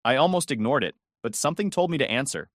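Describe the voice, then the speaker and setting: A man's voice: medium pitch, lively intonation, fast, fairly bright tone, dry recording, studio quality. A man narrating a dramatic first-person story in an indignant, emphatic way.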